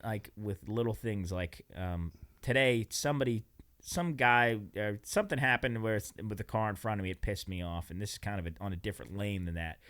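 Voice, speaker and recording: A man's voice: fairly low pitch, brisk, fairly bright tone, no room sound, studio quality. A man co-hosting a podcast, telling rambling, self-deprecating stories in casual chat. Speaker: podcast co-host.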